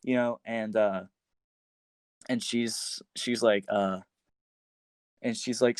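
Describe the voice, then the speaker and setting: A man's voice: on the low side, takes it slowly, pauses often, smooth, no room sound. A young man on a casual podcast, retelling a breakup story with lots of fillers and restarts, switching into raised voices when he quotes others. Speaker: podcast guest telling a story.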